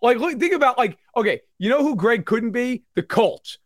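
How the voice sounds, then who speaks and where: A man co-hosting a sports podcast in casual chat, animated, acting out fans in loud mock voices. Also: very high voice, moderate pace, dry recording, clean studio sound. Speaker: podcast co-host.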